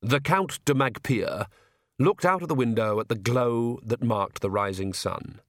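A man narrating an audiobook in a measured, expressive way. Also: fairly low pitch, no room sound, clean studio sound.

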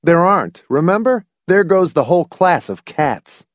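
A man's voice: sits high, very animated, moderate pace, dry recording, studio quality, voice pushed up. A man voicing a blunt, sardonic grown man who lectures in a wry, cutting way.

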